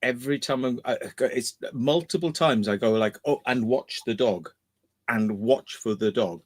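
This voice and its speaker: A man chatting on a casual livestream, rambling in fits and starts with plenty of swearing and laughter. His pitch sits in a middle range and his delivery is loose and conversational. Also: moderate pace, no echo. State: kidney stone trouble. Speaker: livestream host.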